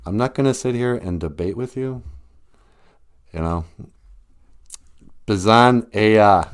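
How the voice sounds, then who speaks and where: Slow and low, with long pauses and a clear, resonant tone, a man hosts a podcast as a casual, joking monologue. He laughs a lot, slips into song, and mocks quoted people with sarcastic voices.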